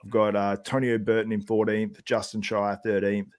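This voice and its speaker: A man's voice: on the low side, flat delivery, moderate pace. A young Australian man hosting a casual podcast chat, rambling with lots of fillers and laughs. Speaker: podcast host.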